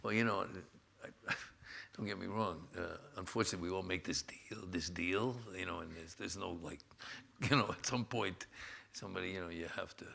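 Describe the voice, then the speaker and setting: A man interviewing a guest, asking thoughtful questions in a halting way and sometimes dropping almost to a whisper. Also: low-pitched, vocal fry, pushed and bright.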